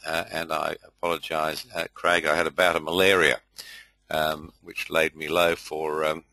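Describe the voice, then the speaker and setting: A man's voice: extremely low pitch, level tone, normal speed, creaky, pushed and bright, no room sound, low-quality recording. An older man hosting a webcast, welcoming listeners in a rambling, friendly way full of fillers. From India. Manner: rambling, many fillers, friendly roll call. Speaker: host. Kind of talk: casual webinar welcome.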